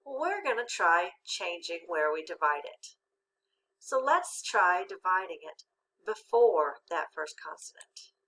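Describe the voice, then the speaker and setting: A woman teacher giving a phonics lesson to children, slow and patient, asking questions and pausing for the answers. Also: on the low side, big pitch swings, bright, forceful tone, low-quality recording.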